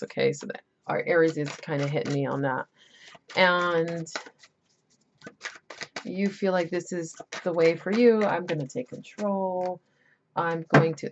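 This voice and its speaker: Woman tarot reader, low voice, rambling emphatic delivery, muffled lo-fi recording. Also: noisy background. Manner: chatty, rambling, emphatic warnings. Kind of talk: casual tarot reading.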